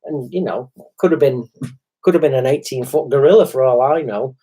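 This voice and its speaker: A man's voice: medium pitch, a little fast, husky. A middle-aged man in casual chat as a podcast co-host, telling anecdotes and acting out the people in them. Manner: animated storyteller, voices quoted people.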